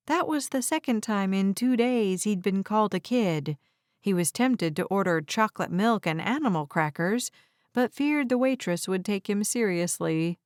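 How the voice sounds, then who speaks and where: Woman reading an audiobook, smooth clear voice, dry close sound. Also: medium pitch, moderate pace, no echo. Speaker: audiobook narrator. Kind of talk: scripted audiobook narration.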